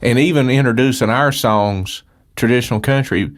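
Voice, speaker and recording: A man's voice: mid-range voice, normal speed. A man who is a musician guest on a radio interview, talking earnestly and in a friendly way, often restarting his sentences.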